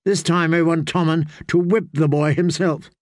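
A man's voice: a little high, steady tone, moderate pace, dry recording, studio quality, natural voice. A man voicing a cruel, scornful adult queen who speaks in clipped commands. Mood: commanding. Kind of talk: audiobook character voice.

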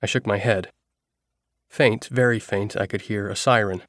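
Low-voiced male audiobook narrator. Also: a little slow, no echo, studio quality. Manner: steady first-person storytelling.

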